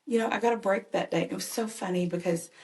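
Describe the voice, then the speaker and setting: Speaking quickly in a mid-range, darkish voice, a mother and caregiver shares personal stories with earnest animation as a podcast guest. The conversation is recorded in an echoey room.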